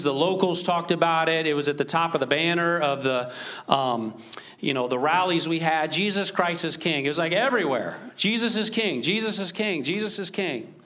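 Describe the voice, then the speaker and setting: Male pastor, conversational sermon, fairly high voice, climbs in pitch when reading scripture. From United States. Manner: lively, conversational preaching with rising emphatic scripture reading.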